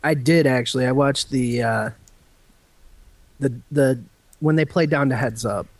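A man's voice: mid-range voice, a little slow, no echo. A man co-hosting a casual chat, laid-back and casually swearing as he talks.

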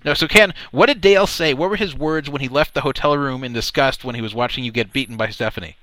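A man's voice: medium pitch, fast, bright, forceful tone, dry recording. A man hosting a radio show, telling a long story in casual chat, rambling and repeating words as he goes.

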